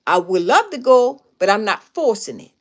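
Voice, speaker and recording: A woman chatting on a live stream, recounting a personal story with emphatic repetition. She is animated and direct with her viewers, and her voice sits at an ordinary middle pitch for a woman. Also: normal speed.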